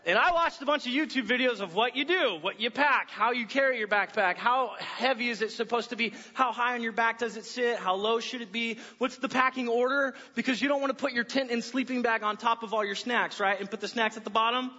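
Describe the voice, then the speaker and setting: Male pastor, high and bright, animated storyteller; muffled recording in a reverberant church hall. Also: a little fast, few pauses. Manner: animated storytelling, acts out voices. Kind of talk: sermon with personal story. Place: church auditorium.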